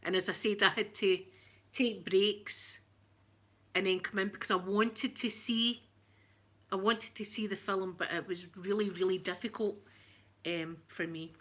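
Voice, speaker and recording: A woman's voice: medium pitch, fairly even intonation, measured pace, fairly bright tone. A woman chatting casually with viewers on a stream, open and emotional about her feelings. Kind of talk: casual chat answering viewers.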